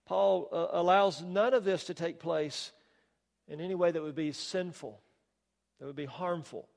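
A pastor with a fairly high, slightly mellow voice and some vocal fry preaches a little slowly in a church sanctuary. His sermon is emphatic and rhetorical with touches of wry humor, carried by the long reverb of the hall.

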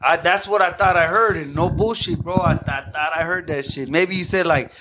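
A man's voice: fairly high pitch, fairly quick. Defensive man in casual banter. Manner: defensive, protesting. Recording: crowd noise behind.

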